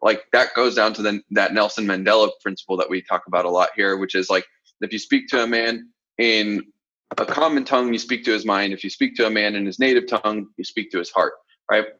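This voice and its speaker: Sales coach guy, low husky voice, confident, muffled lo-fi sound. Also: fairly quick. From Southern US. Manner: confident, explanatory, animated asides. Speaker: sales coach, podcast co-host. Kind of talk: casual coaching talk.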